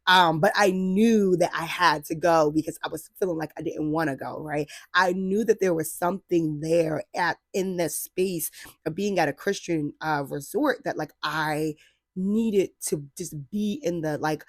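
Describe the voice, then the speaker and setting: A woman's voice: lowish voice, normal speed, no room sound, studio quality. A woman in her late twenties from New Jersey, vlogging in a casual chat about her faith and her plans. She talks animatedly, laughs often and acts out her own past thoughts. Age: 20s. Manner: laughs often, frequent fillers like "like".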